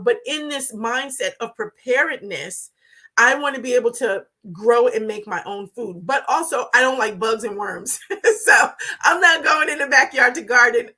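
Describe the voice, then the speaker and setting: An older woman with a New York accent, hosting a live-stream talk in a fast, chatty and enthusiastic way. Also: on the high side, pushed and bright. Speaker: host.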